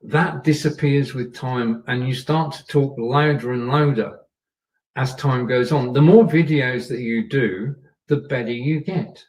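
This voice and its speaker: A man's voice: mid-range voice, unhurried, darkish tone, far from the mic, low-quality recording. Man coaching live, a bit off-mic. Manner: chatty, repeats points, checks in with "yeah" and "okay". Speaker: live show host. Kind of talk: coaching talk on a live stream. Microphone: camera and microphone.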